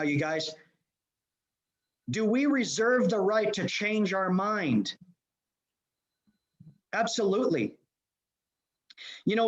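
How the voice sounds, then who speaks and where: Male leadership coach, high voice, energetic, talks straight at the audience; dull video-call sound. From Los Angeles. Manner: energetic, addresses audience directly. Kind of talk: motivational seminar talk. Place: remote presentation to a live room.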